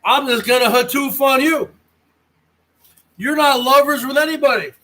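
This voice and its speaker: A man's voice: very high-pitched, normal speed, sharp tone. An American man hosting a casual livestream, reading chat and taunting viewers by name. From United States. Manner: mocking, taunting, talks straight to chatters.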